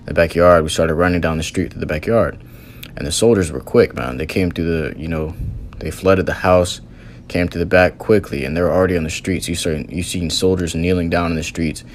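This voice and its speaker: Deep-voiced man telling a vision testimony. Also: fairly even intonation, a little fast, slight background noise. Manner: earnest storytelling, many "you know" and "man" fillers. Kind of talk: recounting a religious vision testimony.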